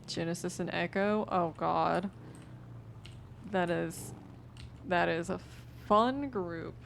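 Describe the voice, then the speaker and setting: Drowsy gravelly young woman streamer. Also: lowish voice, slow pace, a little hiss or hum. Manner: laid-back, profane, laughs easily. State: sleepy and worn out. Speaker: livestreamer playing a roleplay game. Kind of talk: casual stream chatter.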